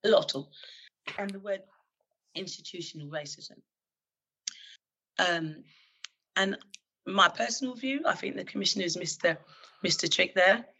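A woman who is a former police officer, telling a personal story in an earnest, halting way with many fillers and restarts. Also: fairly low pitch, bright, forceful tone, slightly rough, rough recording. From London, England.

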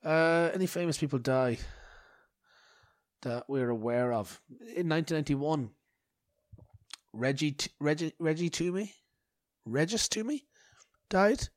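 A man's voice: fairly high pitch, a little slow, long pauses, no room sound, studio quality. Sweary man with a cough. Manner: rambling, sweary, mock-outraged, self-mocking. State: bad cough. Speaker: podcast host. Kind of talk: rambling solo podcast chat.

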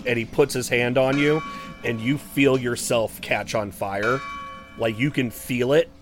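A man's voice: medium pitch, fairly even intonation, over music. A man narrating a tabletop game as game master, with many fillers and restarts. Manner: halting, frequent fillers and laughs.

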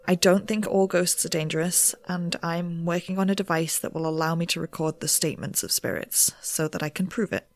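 A woman's voice: fairly low pitch, steady tone, brisk, hardly any pauses, natural voice. A woman playing a nervous young researcher who bends the rules and narrates in a rambling, self-deprecating way. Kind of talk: audio drama narration.

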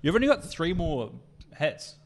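A man's voice: on the high side, unhurried. A young man co-hosting a podcast, telling stories in casual chat with lots of swearing and acted-out phone calls. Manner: animated, swearing storyteller who acts out phone calls. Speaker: podcast co-host.

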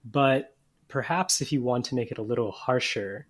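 A man's voice: medium pitch, normal speed, slightly rough. A man, a comedian guest on a podcast, making mock-earnest suggestions in a dry manner. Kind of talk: casual comedy podcast chat.

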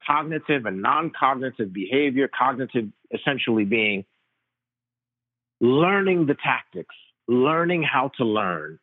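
A man's voice: mid-range voice, slightly rough, no room sound. Man telling stories over a tinny line. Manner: animated, slangy, tells stories with quoted dialogue. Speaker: physician, interview guest. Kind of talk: casual conversational storytelling. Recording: dry tinny phone-like line.

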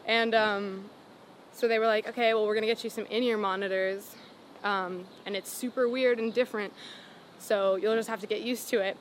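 A woman's voice: medium pitch, normal speed, slight background noise. Chatty young woman rambling with many likes. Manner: rambling, lots of "like" and "um", animated retelling. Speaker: singer-songwriter guest. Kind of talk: casual interview storytelling.

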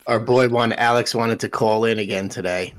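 Young adult male podcast co-host, animated and profane in casual sports banter. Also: mid-range voice, moderate pace. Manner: animated storytelling, swears freely.

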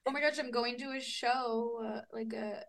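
A young woman co-hosting a loose, casual podcast. Her voice sits a little high, and she tells her stories in an animated way. She swears freely and laughs often. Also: moderate pace, creaky. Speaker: podcast co-host. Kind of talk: casual chat.

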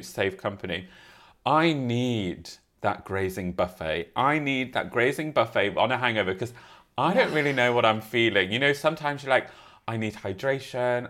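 A man's voice: mid-range voice, fairly bright tone. A man spins a story with theatrical flair, and his voice swings widely up and down. He acts out every quote as he goes, in a casual podcast chat. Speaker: podcast co-host.

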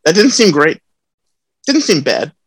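A man's voice: on the high side, very animated, measured pace, slightly rough, dry recording. A man co-hosting a podcast, joking and laughing through a casual drinking game. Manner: loud, laughing, joking banter. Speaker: podcast co-host.

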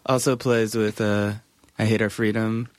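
Man, podcast chat, low voice, halting. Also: little pitch movement, dry recording.

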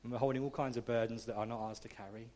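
A man's voice: mid-range voice, fairly even intonation, very fast, a little mellow. A man preaching a conversational, self-deprecating sermon, often checking in with the congregation. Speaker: pastor.

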